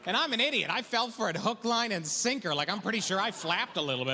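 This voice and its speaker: A man from the prairies doing stand-up, his voice high and bright. His storytelling swings widely, acting out every character. A long hall reverb trails his voice over faint noise. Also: fast talker, hardly any pauses. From Canadian prairies. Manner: animated storytelling, acts out characters. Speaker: stand-up comic. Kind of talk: stand-up comedy.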